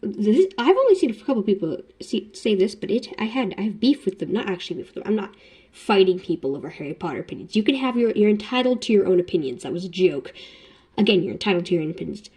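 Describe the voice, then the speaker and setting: Animated young woman rambling about books. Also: mid-range voice, fast talker, slightly rough. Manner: rambling, self-deprecating, jokey. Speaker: book vlogger. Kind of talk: casual chat.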